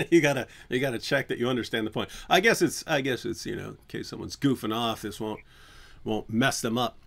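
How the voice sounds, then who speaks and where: A man's voice: brisk, vocal fry, fairly bright tone. Guy hosting a live stream, joking around, normal mid voice, goofs off singing. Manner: joking, breaks into silly falsetto singing. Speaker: channel host. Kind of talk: casual live stream chat.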